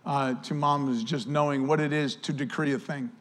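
Fervent high-voiced pastor. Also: male voice, fairly even intonation, normal speed, fairly bright tone. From United States. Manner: fervent, repetitive prayer with rising emphasis. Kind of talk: sermon.

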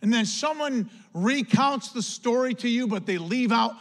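A male pastor preaching a sermon with lively delivery, acting out quoted voices. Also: very high voice, normal speed.

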